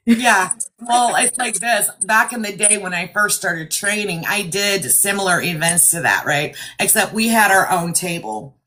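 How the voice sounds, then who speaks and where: A woman's voice: mid-range voice, a little slow, pushed and bright. A woman who works as a psychic medium, talking bluntly and with feeling in a podcast interview, now and then swearing and acting out the people she quotes.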